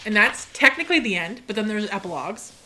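A woman's voice: mid-range voice, lively intonation, fast talker, sharp tone, a little hiss or hum. A woman co-hosting a podcast, chatting casually and emotionally about a book, giggling and gushing between passages she reads aloud. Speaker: podcast co-host.

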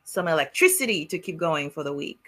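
A woman's voice: low voice, animated, fairly quick, a bit bright. A woman co-hosting a casual morning talk show, joking and playful. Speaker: co-host. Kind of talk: casual chat.

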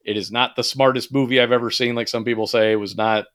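A man speaks quickly in a medium-pitched, fairly bright voice with fairly even intonation, co-hosting a podcast. His casual, animated movie talk is loaded with swearing, laughter, fillers and restarts.

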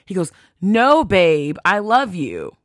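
Low-voiced woman telling a story. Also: slow, no room sound, studio quality. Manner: chatty, animated retelling, quotes texts aloud, swears freely. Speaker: podcast host. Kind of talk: casual storytelling.

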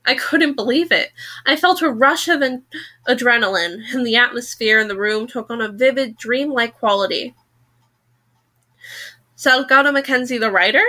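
Woman reading a sci-fi novel out loud, bright voice, a bit high, fixes her own slips. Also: moderate pace. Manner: casual, self-correcting reading. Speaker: podcast book reader.

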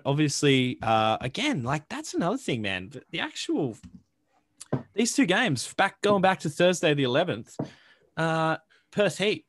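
A young man co-hosting a sports podcast, chatting casually and reeling off stats with plenty of fillers and jokes. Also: mid-range voice. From Australia. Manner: animated, joking, rattles off stats with lots of fillers. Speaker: podcast co-host.

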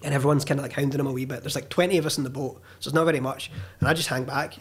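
Fast husky Scottish storyteller. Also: male voice, mid-range voice. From Scotland. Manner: animated, profane storyteller who acts out quotes. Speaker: podcast guest, filmmaker. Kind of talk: casual storytelling chat.

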